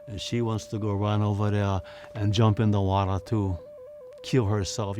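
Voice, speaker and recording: A man's voice: lowish voice, level tone, moderate pace, warm tone. A man with a Hawaiian Pidgin accent telling a legend dramatically, with emphatic repetition. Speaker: teacher storyteller. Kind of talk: oral storytelling. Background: instrumental music.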